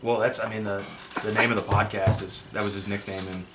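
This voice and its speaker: Male co-host, relaxed and dry, low-pitched, audible background noise. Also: a little fast, roomy sound. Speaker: podcast co-host. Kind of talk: casual chat. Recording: clear background noise with clicks.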